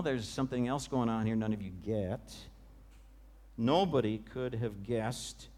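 A male preacher in a mid-range voice delivers a sermon, retelling a scene through dramatic, vivid storytelling that often drops to a hush.

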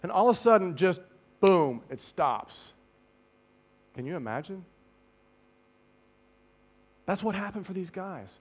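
A man preaching a sermon, animated, dropping to hushed tones for emphasis and asking his listeners questions. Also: sits high, a little slow, long pauses, husky. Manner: speaks to the congregation directly with rhetorical questions.

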